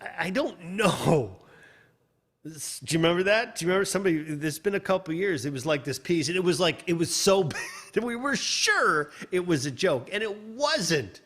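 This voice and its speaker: A man's voice: sits high, lively intonation, brisk, fairly bright tone. A man, a composer giving casual feedback on listener submissions, rambling and swearing, laughing often and restarting his sentences. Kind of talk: casual livestream critique.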